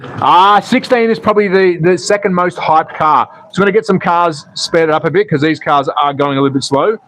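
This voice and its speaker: A man's voice: fairly high pitch, a little fast, a bit bright, a little hiss or hum. An Australian man hosting a slot car racing livestream, calling the races and chatting to viewers in a jokey, casual way. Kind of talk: live race commentary and viewer chat.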